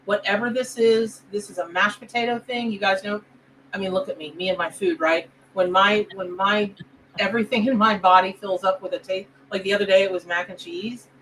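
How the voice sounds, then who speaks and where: A woman's voice: medium pitch, fairly even intonation, a little fast, fairly bright tone, far from the mic, a little hiss or hum, low-quality recording. A woman hosting a live tarot stream, bubbly and chatty with her viewers. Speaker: tarot reader and show host. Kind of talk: live stream chat reading.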